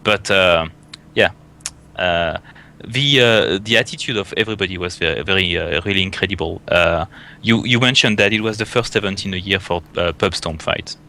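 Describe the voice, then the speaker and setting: Lively, forceful man swapping stories. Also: sits low, moderate pace. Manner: animated storyteller, many fillers and restarts, swears. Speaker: barcraft event organizer. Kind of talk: casual panel chat.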